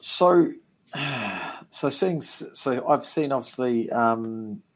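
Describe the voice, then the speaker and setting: A man's voice: mid-range voice, expressive, slow. A man playing a tabletop role-playing game, thinking aloud in a tentative, casual way. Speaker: player.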